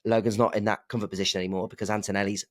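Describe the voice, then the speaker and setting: A man's voice: lowish voice, flat delivery, rapid-fire, dry recording, studio quality. A man co-hosting a podcast, chatting casually and speculating, often restarting his sentences. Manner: chatty, self-interrupting, speculative. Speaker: podcast co-host. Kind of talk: casual chat.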